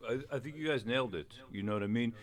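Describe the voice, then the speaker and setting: A man's voice: medium pitch, quick pace. A middle-aged man hosting a livestream, talking in a rambling, emphatic way full of restarts. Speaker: streamer and host. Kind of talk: casual political chat on a livestream.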